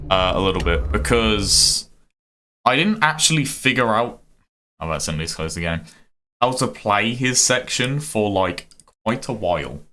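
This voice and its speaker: A young streamer from Birmingham, England, with a Birmingham accent, chats casually with his live chat while playing a game. He's rambling and self-deprecating. His voice is on the low side, animated and sharp in tone at a moderate pace, with slight background noise.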